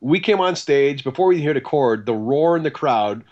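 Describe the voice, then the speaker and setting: A man telling stories from his band days with lively energy, slipping into the voices of the people he quotes and leaning on easy fillers. His voice sits in an ordinary middle register. The recording is a little dull and lo-fi. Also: mid-range voice, normal speed. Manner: animated, acts out quoted dialogue, chatty with fillers. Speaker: guest guitarist. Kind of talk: casual interview storytelling.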